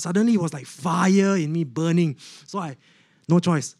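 A man's voice: a little high, normal speed, a little mellow. A man giving an emotional church testimony, often turning to the audience with "okay?" asides.

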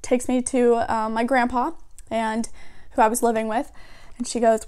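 A young woman around nineteen with a high, bright-sounding voice recounts a story straight to camera. Her telling is chatty and animated, and loose fillers run through it. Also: a little fast. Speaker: vlogger. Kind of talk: casual storytime.

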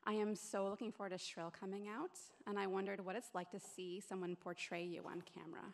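A woman's voice: mid-range voice, steady tone, brisk, gravelly. A woman in the audience asking a question, eager and friendly, slightly nervous.

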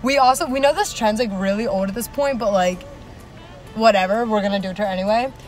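A woman's voice: medium pitch, quick pace, soft background music. A young woman vlogging in a car on a road trip, chatting casually and laughing as she tells stories. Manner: giggly, animated storytelling. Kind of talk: casual vlog chat.

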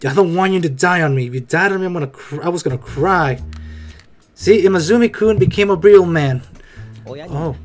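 Man, reaction host, casual, excitable, blurts out and swears. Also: high-pitched, normal speed, soft background music. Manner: excitable, talks to himself, swears, frequent restarts and exclamations.

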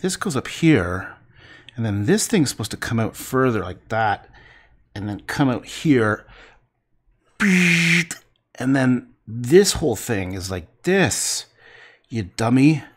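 A man's voice: medium pitch, very animated, slow pace, breathy edge. Guy painting on a stream, mutters and swears at his own work, voice jumps all over the place. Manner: self-mocking, swearing, muttering and half-whispering to himself. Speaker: artist livestreaming a painting. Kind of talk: casual running commentary while painting.

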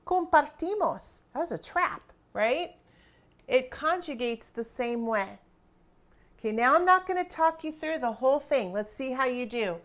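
A woman teaching a grammar lesson, quizzing her students with questions and pauses and praising right answers. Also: high-pitched, animated, fairly bright tone. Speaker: Spanish teacher.

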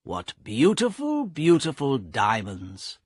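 Man doing a greedy sneering young guy, slow and drawn out, husky, dry close sound, storybook. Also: mid-range voice, wildly swooping pitch, no room sound, full character voice. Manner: slow taunting put-on voice. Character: greedy mocking young man, cold smile.

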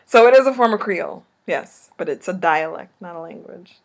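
A woman's voice: on the low side, lively intonation, a little fast, gravelly. A woman from Jamaica with a Jamaican accent, explaining things casually to the camera in a chatty way. She laughs often and trails off mid-sentence. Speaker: vlogger teaching a lesson.

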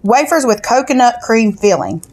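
A woman's voice: on the high side, expressive, moderate pace, a little mellow. A woman chatting casually while tasting snacks and reading food facts aloud, sometimes with her mouth full. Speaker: co-host of snack tasting channel.

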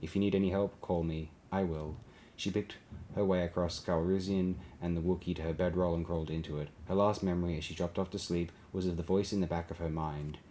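A man narrating an audiobook in a steady, low-key reading. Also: fast talker, slight background noise. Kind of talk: scripted narration.

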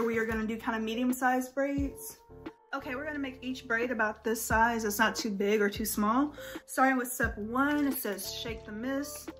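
Gushing young woman doing a hair vlog. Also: on the high side. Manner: chatty, gushing, slangy. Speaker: beauty vlogger. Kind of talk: casual hair tutorial vlog.

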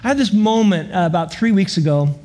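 A man preaching a sermon as guest pastor, animated and storytelling with laughs and playful sound effects. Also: high voice, fairly quick. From California. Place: church sanctuary.

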